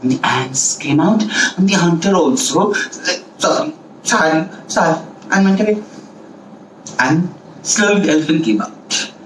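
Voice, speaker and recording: A man's voice: fairly high pitch, animated, a little slow, long pauses, far from the mic, slight background noise. A man telling a folk tale to children, playful, asking the listeners questions and making sound effects. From India. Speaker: storyteller. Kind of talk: live children's storytelling. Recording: echoey room, speaker away from mic.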